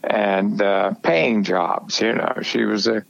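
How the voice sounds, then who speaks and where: An older man, an actor guest, talking in a halting way and searching for his words in a casual interview. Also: on the low side, fairly even intonation, creaky, a bit bright. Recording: dull lo-fi audio.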